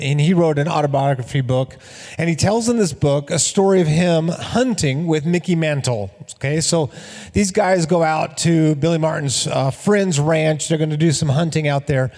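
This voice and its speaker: Male pastor, sermon, high voice, lively storytelling, long hall reverb. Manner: energetic storytelling with acted-out quotes.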